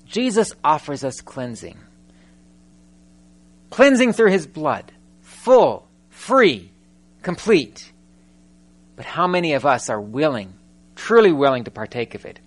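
Lively male preacher, fairly high voice. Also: takes it slowly, pauses often. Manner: animated storytelling, acting out scripture characters; frequent rhetorical questions to the congregation. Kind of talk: sermon.

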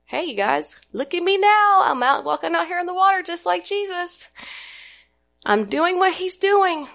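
A woman preacher voicing a cocky, eager male fisherman disciple who shows off while he talks, pitched well above her usual voice. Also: normal speed. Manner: boastful, excited.

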